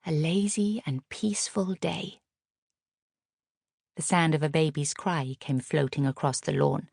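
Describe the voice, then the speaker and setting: A woman narrating a novel as an audiobook reader, in a measured storytelling manner. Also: deep voice, vocal fry, breathy edge, no echo, studio quality. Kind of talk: scripted narration.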